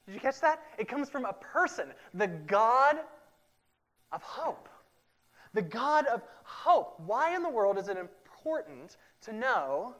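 A man preaching a sermon, emphatic, repeating key phrases and swinging from loud to hushed. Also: sits high. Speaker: pastor.

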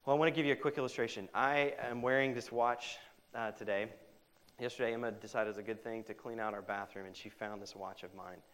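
A man's voice: on the low side, fairly even intonation, quick pace. Man preaching with dynamic, swinging delivery. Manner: dynamic delivery, swinging between loud emphasis and hushed quotes; conversational asides with "right?". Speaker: pastor. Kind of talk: sermon.

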